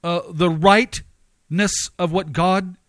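High-pitched guy preaching hard, repeats himself a lot, dry close sound. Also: steady tone, slow, fairly bright tone, dry recording. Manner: emphatic, with repeated phrases and rising outbursts. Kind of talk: sermon.

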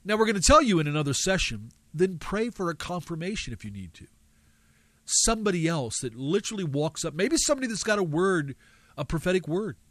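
An earnest man with a fairly high voice teaching a session on spiritual gifts. He talks in preacherly runs, stacking phrase after phrase. The sound is close and dry, with no room around it. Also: very animated, a little fast, fairly bright tone, dry recording. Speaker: Bible teacher.

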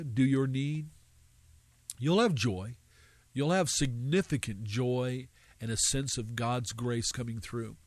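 A man's voice: on the high side, no echo. A man teaching a session on spiritual gifts in an earnest, preacherly way, stringing phrases together in lists. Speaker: Bible teacher.

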